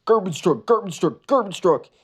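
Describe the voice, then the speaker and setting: Man putting on a cartoon dog, gleeful, shouting, much higher than his own voice, loud and bouncy. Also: very animated, moderate pace, slightly rough, full character voice. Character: excitable cheerful cartoon male dog.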